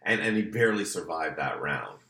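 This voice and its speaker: A man's voice: rumbling low, big pitch swings, a little fast, gravelly, sharp tone, echoey room. A man co-hosting a podcast, breaking down a fight in casual, eager chat. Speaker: podcast co-host.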